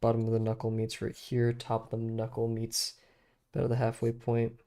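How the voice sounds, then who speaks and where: Speaking at a moderate pace in a mid-range voice, this young man chats casually while streaming his drawing practice. His talk is loose and rambling, aimed half at himself and half at chat, and full of fillers.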